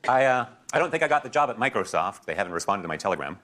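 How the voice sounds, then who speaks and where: A man delivering deadpan one-liners in a stand-up set. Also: fairly low pitch, racing. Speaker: stand-up comedian.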